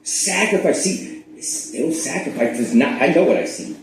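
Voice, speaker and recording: A man hosting his own spiritual channel, rambling in a profane, casual monologue that swings between loud bursts and hushed asides. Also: mid-range voice, expressive, normal speed, a little hiss or hum. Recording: very echoey room.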